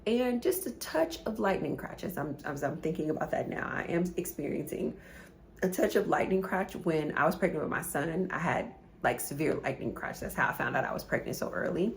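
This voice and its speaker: Woman vlogger around forty, deep voice with vocal fry; casual, earnest, halting delivery. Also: animated, slight background noise. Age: about 40. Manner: rambling, halting, repeats words. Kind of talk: casual chat.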